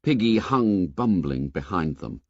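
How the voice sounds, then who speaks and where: A man narrating an audiobook in a lively, expressive storytelling manner. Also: low voice, measured pace, no room sound, lo-fi sound. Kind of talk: scripted narration.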